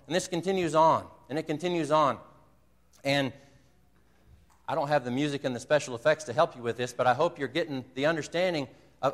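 A man's voice: a little high, in a large hall. A man preaching a sermon, earnestly retelling a movie scene and quoting its dialogue. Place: church sanctuary.

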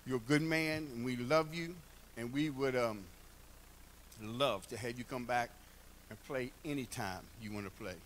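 A man's voice: medium pitch, normal speed, fairly bright tone, a little hiss or hum. An older man giving a heartfelt church address, telling folksy stories with humor. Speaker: church member speaking at a retirement celebration.

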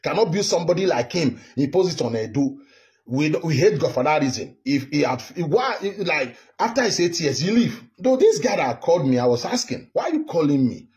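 A very animated, fairly high voice with a darkish tone and moderate pace belongs to a Nigerian political vlogger in his fifties from Edo State. Facing the camera, he delivers a heated, indignant, repetitive political monologue.

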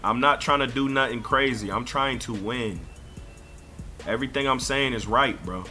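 A young man on headset voice chat during a basketball video game, bossy and argumentative, getting loud and defensive. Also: medium pitch, moderate pace, over loud music. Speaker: gamer streaming a pickup basketball game. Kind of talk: heated gaming voice chat.

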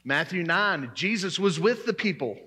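Guy preaching a sermon, kinda high voice, emphatic, says stuff over and over. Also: expressive, moderate pace, pushed and bright, slightly rough. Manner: emphatic, repeats key words while preaching. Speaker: pastor.

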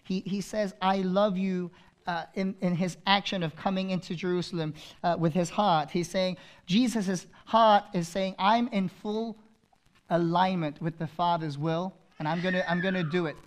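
A male pastor preaching a sermon, swinging from loud proclaiming to hushed intensity and repeating phrases for emphasis. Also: high voice, fairly even intonation, normal speed.

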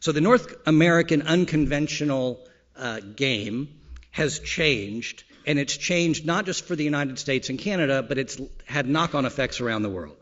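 A man giving a relaxed conference keynote, joking and using frequent fillers. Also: a little high, normal speed. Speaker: keynote speaker. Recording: slightly dull, lo-fi sound.

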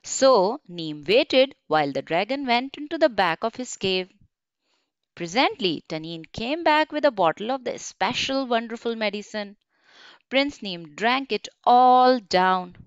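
A woman reading a children's picture book aloud, slow and gentle, with a bright, swooping sing-song pitch. The sound is close and dry. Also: lively intonation, clear, resonant tone, dry recording, dull audio. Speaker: storyteller.

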